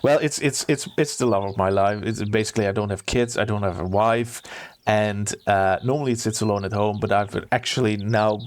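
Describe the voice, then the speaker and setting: A man's voice: lowish voice, a little fast, lightly acted. A man voicing a pompous male court steward, theatrical and overwrought, who dotes on his pet bird. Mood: gushing. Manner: theatrical, swings from gushing to sobbing to sneering.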